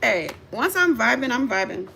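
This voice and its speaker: A woman with a fairly high, creaky voice talks at a moderate pace, with slight background noise behind her. She's a livestream host broadcasting from her car, telling a story in a casual, chatty way. She laughs often, stays giggly and animated, and speaks straight to her viewers.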